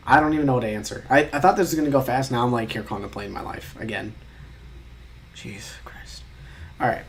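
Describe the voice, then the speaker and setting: Racing along in a creaky, mid-range voice, this young man works through online quizzes, reading each question out and going off on mock-outraged tangents with the occasional mutter. A slight hiss or hum sits under the audio.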